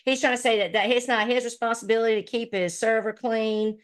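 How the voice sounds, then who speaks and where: A woman's voice: fairly high pitch, fairly even intonation, fairly quick. A woman recapping online drama on her livestream in a casual, rambling, profane, gossipy way. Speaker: livestream commentator.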